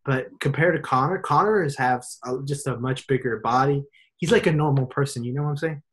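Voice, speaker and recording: A young man chatting casually and excitedly, with lots of slang and playful impressions. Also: mid-range voice, fairly quick. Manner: animated, slangy, puts on voices for fun. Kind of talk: casual chat.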